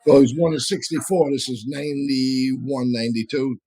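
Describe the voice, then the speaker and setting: Husky man, dry close sound, rambling storyteller with restarts, casual and profane. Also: mid-range voice, steady tone, normal speed, dark tone, no echo, poor audio. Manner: rambling, frequent restarts and asides. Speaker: podcast co-host and storyteller. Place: live audience show.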